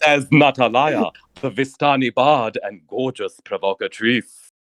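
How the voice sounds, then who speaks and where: A man's voice: mid-range voice, unhurried, a bit bright, no room sound, close to an everyday voice. A man playing a grandiose, pompous male romance author who reads out florid erotic excerpts in ornate language. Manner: grandiose, theatrical, ornate wording.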